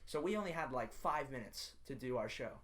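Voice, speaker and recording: A man's voice: mid-range voice, expressive, fairly quick, fairly bright tone. A teenage boy, a podcast co-host, telling a story in casual chat, with many fillers and laughs. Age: teens. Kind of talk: casual chat among friends.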